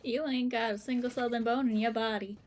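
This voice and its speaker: A woman's voice: on the high side, steady tone, a little fast, a little mellow. A woman playing a game with friends, chatting casually and teasing. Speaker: co-player. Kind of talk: casual gameplay chat.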